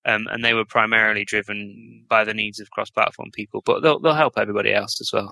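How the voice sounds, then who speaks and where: A man's voice: lowish voice, fairly even intonation, fast, gravelly, few pauses, pushed and bright, no echo. A man talking as a podcast guest in a casual, enthusiastic way, with lots of restarts and rambling. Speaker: guest developer.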